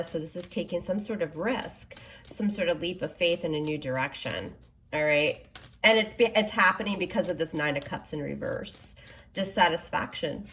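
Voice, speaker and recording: A tarot reader with a lowish, fairly bright voice gives a chatty, reassuring reading, checking in with the listener through frequent "okay?" and "you know." It's a casual spoken reading with faint background noise.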